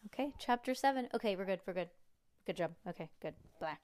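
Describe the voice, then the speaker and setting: A woman's voice: medium pitch, animated, quick pace, a little mellow. A woman reading a chapter book aloud to her child at home, breaking off for playful, chatty asides.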